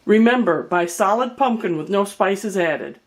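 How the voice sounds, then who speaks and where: A woman's voice: medium pitch, animated, unhurried. An older woman giving a chatty, folksy cooking demonstration in her home kitchen, with storytelling asides. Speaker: home cook.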